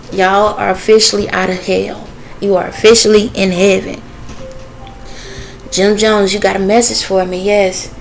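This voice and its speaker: A woman with a mid-range voice and vocal fry vlogs casually in a low-quality recording. Chatty, with frequent fillers and laughter, she relays messages she says come from spirits and pauses to ask them yes-or-no questions.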